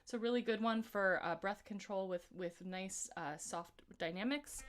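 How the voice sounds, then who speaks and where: A woman vocal coach leading a live-streamed singing warm-up, explaining exercises in a relaxed, chatty way between scales. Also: medium pitch, moderate pace, hardly any pauses, soft background music.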